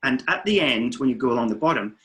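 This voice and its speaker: A man, a weight-loss coach, calmly guiding listeners through muscle tensing and breathing exercises. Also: medium pitch, fast talker, slightly rough. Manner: calm, steady counting and coaching. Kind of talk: guided relaxation instructions. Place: indoors, filming himself.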